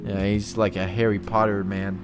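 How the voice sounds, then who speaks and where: A man's voice: on the low side, flat delivery, moderate pace, music in the background. A man streaming a horror game, nervously commenting and talking to his chat.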